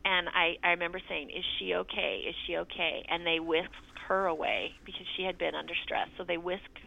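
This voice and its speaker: A woman's voice: lowish voice, fairly even intonation, a little fast, creaky, bright, forceful tone, dull audio. A middle-aged woman, a mother, telling her grown child a personal story in an earnest way and acting out the quoted dialogue. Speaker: mother recounting a birth story.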